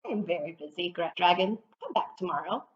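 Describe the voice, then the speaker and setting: A woman's voice: lowish voice, big pitch swings, fairly quick, distant mic, muffled recording. A woman voicing a boastful, lazy male dragon in a dismissive, grumbling manner during a storybook read-aloud.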